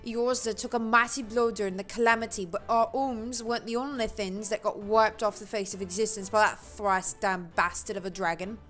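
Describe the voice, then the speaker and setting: A woman voicing a gruff male seafaring innkeeper in a shaky put-on brogue, reading game dialogue aloud. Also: medium pitch, steady tone, normal speed, few pauses, a bit bright, soft background music, lightly acted. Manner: wobbly put-on pirate-style brogue.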